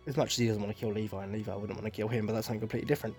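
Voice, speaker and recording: A man's voice: on the low side, fairly even intonation, rapid-fire, darkish tone, faint music behind. A man ranting casually as an anime reviewer, exasperated and full of swearing. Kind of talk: casual video commentary.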